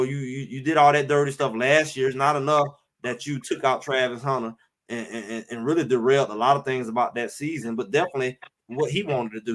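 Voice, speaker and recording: A man's voice: mid-range voice, a bit bright. A show host delivering heated, emphatic sports talk, repeating his points. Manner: fired-up, emphatic, repeats phrases.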